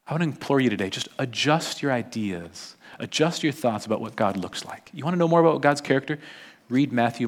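A man preaching a conversational sermon at a church service, chatty and informal, often tagging his points with "right?" and "like". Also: mid-range voice. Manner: chatty, peppers talk with "right?" and "like". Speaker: pastor.

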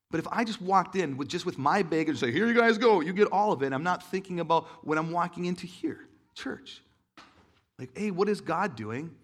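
A man's voice: on the high side, fairly bright tone, breathy edge. A man, a married father, giving a casual, chatty sermon as a pastor, joking and self-deprecating with lots of fillers. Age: adult, married father.

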